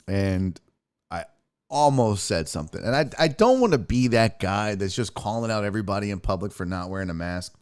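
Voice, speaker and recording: A man's voice: lowish voice, clean tone. A man hosting a podcast, telling rambling road-trip stories in casual, profane talk. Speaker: podcast host. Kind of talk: casual storytelling monologue.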